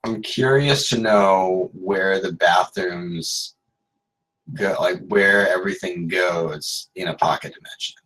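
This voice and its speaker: A man's voice: low voice, takes it slowly, a bit bright, low-quality recording. A man in a tabletop game session talking as a player, hesitant and often restarting his words. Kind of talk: casual game talk.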